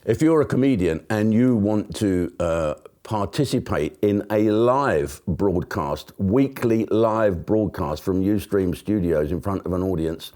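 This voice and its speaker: A man's voice: fairly low pitch, lively intonation, a little slow, hardly any pauses, a little mellow. A man hosting a live show, delivering a chatty, rambling comic monologue full of swearing and asides. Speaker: host. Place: broadcast studio.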